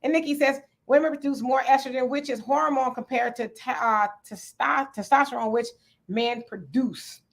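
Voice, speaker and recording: A woman hosting a live chat show, her voice pitched a little high and easygoing. she reads out viewer comments, greets each person by name and breaks into laughter now and then. she keeps things light and chatty. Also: steady tone, moderate pace. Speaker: livestream host reading chat comments.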